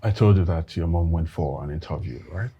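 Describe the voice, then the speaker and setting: An actor playing a heavy-hearted father who speaks in halting, grave words. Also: low-pitched, highs cut off, slight background noise. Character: grieving father, middle-aged, heavy-hearted.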